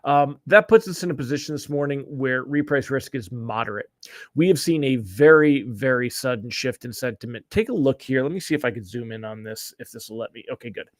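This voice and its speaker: An upbeat man hosts a live market update, talking casually to his viewers and walking them through charts. His voice sits at an ordinary middle pitch, a little stuffy from allergies. The sound is dry and close, with no room around it. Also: fairly quick, no room sound. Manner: upbeat, chatty, greets viewers by name. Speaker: daily mortgage rate show host.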